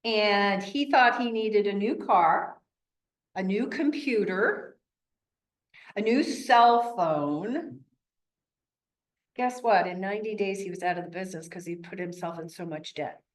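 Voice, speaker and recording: A woman's voice: medium pitch, a little slow, pauses often. Chatty Midwestern woman teaching a class. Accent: Midwestern American. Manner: chatty, animated storytelling with acted-out quotes. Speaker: real estate trainer. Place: training classroom. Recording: echoey room.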